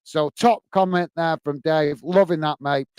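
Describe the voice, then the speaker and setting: A man's voice: a little high, a little slow, a little mellow, clear, resonant tone, no room sound. A man hosting a live football fan watch-along, chatting enthusiastically with viewers, full of fillers and calling everyone mate. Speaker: fan channel host.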